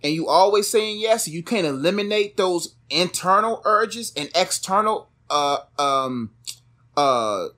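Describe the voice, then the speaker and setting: A man's voice: high-pitched, animated, measured pace, bright, forceful tone. Young male co-host, casual motivational talker, emphatic and preachy. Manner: emphatic, preachy, repeats phrases for stress. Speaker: podcast co-host.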